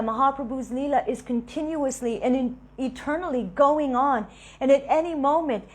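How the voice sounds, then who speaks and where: Woman storyteller at a devotional talk, slightly high voice, lively. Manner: animated storyteller, laughs between stories. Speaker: devotional speaker.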